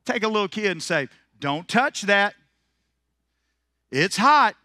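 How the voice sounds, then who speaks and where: Bright, high-voiced preacher. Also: male voice, slow, dry recording, studio quality. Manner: animated and joking, dropping into quiet asides. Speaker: pastor. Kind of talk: sermon. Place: church sanctuary.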